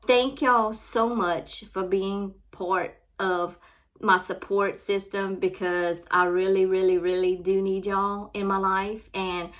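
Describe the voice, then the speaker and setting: A woman's voice: medium pitch, fairly bright tone. A woman hosting a casual unboxing vlog, heartfelt and close to tears, repeating her thanks over and over. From Louisiana. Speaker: crafting channel host.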